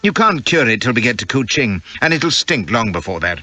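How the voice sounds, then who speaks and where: A man's voice: medium pitch, brisk, no echo. A man voicing a dry-witted fair sidekick. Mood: wry. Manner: dry, deadpan wit. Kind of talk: audiobook character voice.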